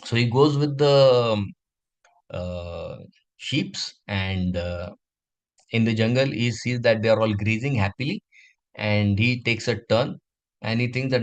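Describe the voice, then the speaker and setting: A man's voice: lowish voice, rough recording. Man telling a moral story to kids. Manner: animated storytelling with drawn-out pauses. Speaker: teacher telling a story to children. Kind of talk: storytelling for a kids' class.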